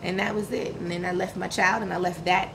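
A fairly quick woman with a voice on the low side and fairly even intonation, heard against background noise. She guests on a podcast, candidly telling her own story in a frank, emphatic, slangy style full of vivid quoted dialogue.

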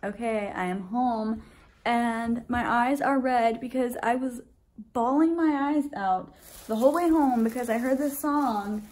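A woman's voice: on the high side, unhurried, darkish tone, low-quality recording. A woman vlogging casually at home, chatty and gushing. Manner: chatty, gushing, baby-talks to her dog. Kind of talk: casual vlog chat.

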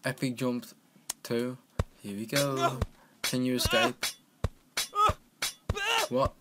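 A man giving casual, excitable let's-play commentary from his computer, talking to the game and yelping at crashes. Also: medium pitch, slow pace, over loud music. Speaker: gaming channel host. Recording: home mic with clear keyboard clicking.

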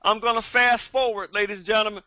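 A man in his seventies, a pastor preaching a sermon with emphatic repetition that rises to shouts. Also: high-pitched, fairly even intonation, quick pace, dry recording. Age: 70s. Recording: dull, dry recording.

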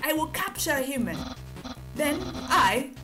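A woman voicing a boastful, eager male skeleton in a high, loud, pompous voice, with music behind. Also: big pitch swings, measured pace, rough recording.

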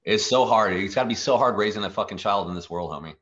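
A man's voice: fairly low pitch, fast talker, fairly bright tone, muffled recording. Profane man in his forties. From Texas. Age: 40s. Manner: profane, laid-back, slangy. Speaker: guest actor. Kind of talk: casual interview chat.

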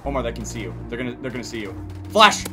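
A young man hosting a gaming channel, giving casual, profane gameplay commentary with lots of yelling and laughing. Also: mid-range voice, rapid-fire, music in the background. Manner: excitable, profane, yelling and laughing during play.

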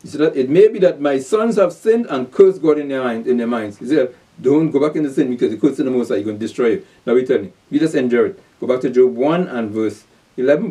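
A man preaching a scripture lesson, animated and repeating rhetorical questions to his listeners. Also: mid-range voice, quick pace, far from the mic. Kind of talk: scripture teaching.

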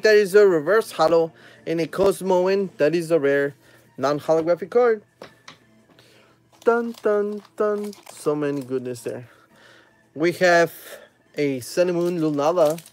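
A man hosting a live stream, opening trading card packs with excited casual commentary, humming while he opens them and chatting with viewers. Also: high-pitched. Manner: chats with viewers and reads their comments aloud.

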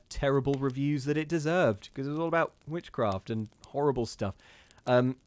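A man hosting a live stream, reading ghost stories and chatting casually in a giggly, rambling, animated way. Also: medium pitch, no room sound.

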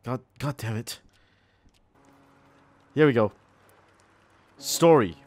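A gaming channel host narrates his video game playthrough, cracking sarcastic remarks and reacting out loud as he plays. His mid-range voice has a darkish tone and a slow pace, and the recording is dry. It's let's play commentary.

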